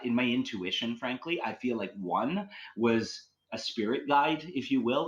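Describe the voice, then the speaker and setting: A man's voice: medium pitch, poor audio. A man from Canada, a podcast guest telling stories in a casual, rambling way full of fillers. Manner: rambling, filler-heavy, excitable. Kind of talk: casual storytelling.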